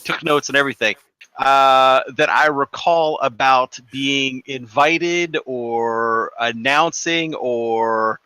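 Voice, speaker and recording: A male player rambles through questions about what his character remembers. His tone is bright and forward. The mic is close and dry. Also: medium pitch, steady tone, takes it slowly, clear, resonant tone, no echo. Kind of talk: casual tabletop play.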